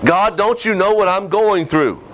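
A man's voice: high-pitched, unhurried, a bit bright, a little hiss or hum. A man preaching a sermon in an emphatic, repetitive cadence, reading scripture aloud to his congregation. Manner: preaching with a rising, emphatic cadence and repeated phrases. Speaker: pastor.

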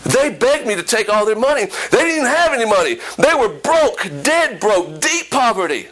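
High, lively-voiced man preaching. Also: moderate pace, rough recording. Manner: animated, emphatic preaching with repeats and acted quotes. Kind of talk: sermon. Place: church before a responding congregation.

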